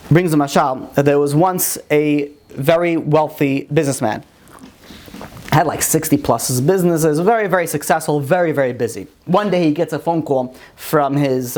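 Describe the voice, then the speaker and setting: A man, a rabbi giving a Torah class, who tells parables and acts out the dialogue in changing voices. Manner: storytelling, acts out dialogue with pitch jumps.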